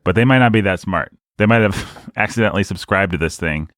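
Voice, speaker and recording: A tired man hosts a podcast with a rambling, self-mocking joking manner. His voice sits fairly low, and the recording is dry and close. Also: brisk, fairly bright tone, no echo. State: tired from lack of sleep. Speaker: podcast host. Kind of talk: casual comedic chat.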